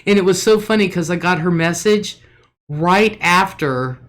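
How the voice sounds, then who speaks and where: A woman's voice: fairly low pitch, measured pace. A middle-aged woman hosting a casual livestream, chatty and homey, greeting viewers by name and laughing often. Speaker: livestream host.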